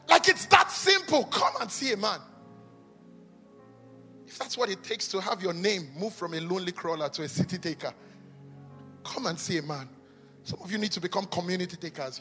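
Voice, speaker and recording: Male preacher, sharp bright high voice, impassioned sing-song sermon, reverberant hall, faint music behind. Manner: impassioned, often shouting and sing-song cadence. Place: church auditorium.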